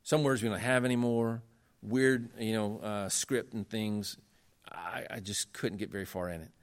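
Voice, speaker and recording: A man's voice: steady tone, normal speed, smooth. A man giving a lecture on church history, earnest and emphatic, talking in a conversational way and pushing his voice up to stress points. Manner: earnest, emphatic, rising in pitch when making points; conversational with frequent fillers.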